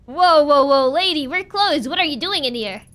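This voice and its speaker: Girl reading as a nervous shop clerk, high and lively, um-ing a lot. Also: moderate pace. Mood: flustered.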